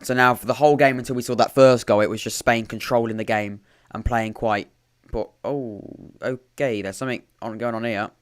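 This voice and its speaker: A man's voice: medium pitch, steady tone, a little fast, few pauses, clean tone. A man hosts a live football watchalong from home, talking in a loose, rambling way. He keeps breaking off and restarting, and drops dry, sarcastic remarks between bits of play-by-play. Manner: rambling, self-interrupting, dry sarcastic asides. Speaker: podcast host commentating a live watchalong. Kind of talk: casual live match commentary and chat.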